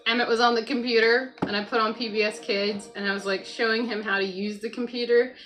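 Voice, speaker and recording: A woman's voice: on the high side, steady tone, fairly quick, fairly bright tone, poor audio. A woman hosting a casual morning livestream at home, chatting to viewers, reading the chat aloud and talking to her child beside her. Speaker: livestream host. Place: at home by a computer.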